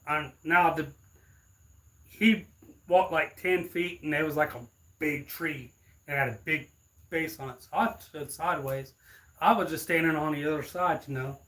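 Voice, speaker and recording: A man's voice: a little high, normal speed, bright, forceful tone. A man, telling a rambling, laughing story casually to his viewers. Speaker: streamer.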